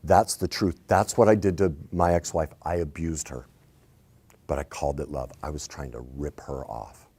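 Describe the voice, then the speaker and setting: A middle-aged man coaching on relationships, swinging between hushed reflection and loud emphatic points. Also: extremely low pitch, fairly even intonation, normal speed, slightly rough. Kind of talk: animated advice talk.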